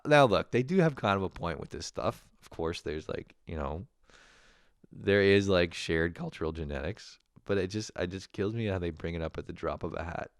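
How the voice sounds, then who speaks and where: Casting: Canadian man, very low voice, dry close sound, animated comedic rant with cursing. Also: moderate pace, dry recording. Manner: animated, swearing, laughing often. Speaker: podcast host. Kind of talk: casual comedic monologue.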